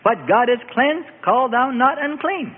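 A man voicing a commanding male voice from heaven, giving slow, solemn orders in a radio Bible drama. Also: very high voice, lively intonation, breathy edge, voice pushed up, heavily acted. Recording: tinny phone-like radio recording with reverb.

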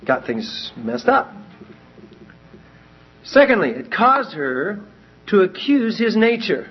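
Male preacher, sermon delivery, husky, dull lo-fi recording. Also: high-pitched, slow, long pauses. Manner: animated, acts out quoted voices.

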